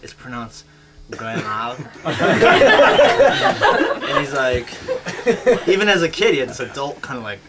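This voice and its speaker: Male stand-up comedian, halting deadpan, restarts, lively swinging pitch, loud background noise. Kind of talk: live stand-up set. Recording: loud noisy live recording.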